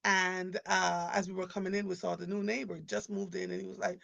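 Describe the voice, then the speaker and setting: Gravelly-voiced woman in her fifties chatting. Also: fairly low pitch, flat delivery, fairly quick, few pauses, a bit bright. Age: 50s. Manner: rambling, chatty storytelling with restarts. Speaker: live show host. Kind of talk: casual live-stream chat.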